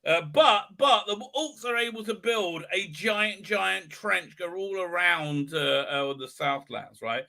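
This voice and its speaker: A man's voice: high-pitched, animated, takes it slowly, creaky, hardly any pauses, sharp tone. Sarcastic man ranting. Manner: sarcastic, swears, mocks what he reads with put-on silly voices; hesitant, many fillers and restarts. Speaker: host of a live commentary stream. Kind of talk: casual ranting commentary.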